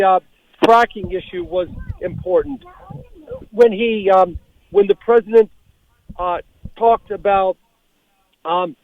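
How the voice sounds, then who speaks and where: A man calling in as a political guest commentator, talking in a measured, deliberate way with many fillers. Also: high voice, no room sound. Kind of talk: radio call-in commentary. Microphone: telephone. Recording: tinny phone line.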